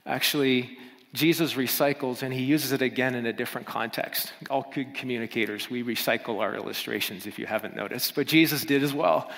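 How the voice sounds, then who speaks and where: A man's voice: medium pitch, fairly bright tone. A pastor preaching a casual, playful sermon in a church, often repeating himself as he talks. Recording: long church hall reverb.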